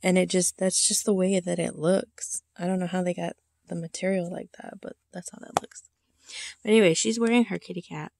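A woman talks slowly through a casual show-and-tell vlog. Her voice is gravelly and soft, and it often drops to a whisper as she holds back tears. The sound is dry and close, with no room echo. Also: on the low side. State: emotional, holding back tears. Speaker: reborn doll collector showing her dolls.

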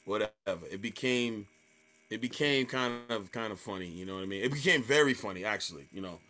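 A man in his thirties, a stand-up comedian, telling a story in a casual, animated way, often swearing and repeating words. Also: on the low side, a little fast. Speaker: stand-up comedian, podcast guest.

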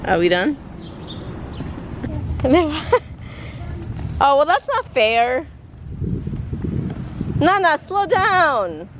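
A woman vlogging her family life in an animated, excitable way, switching between English and Spanish. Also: sits high, very slow, long pauses, background noise. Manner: animated, excitable, bursts into yelps and laughs. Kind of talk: casual family vlog chat.

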